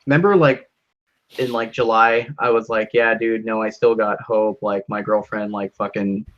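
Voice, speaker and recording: A man's voice: fairly low pitch, fairly even intonation, normal speed, fairly bright tone. A young man rambling through a story in casual chat with a friend, with many fillers and swearing. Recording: dull lo-fi sound.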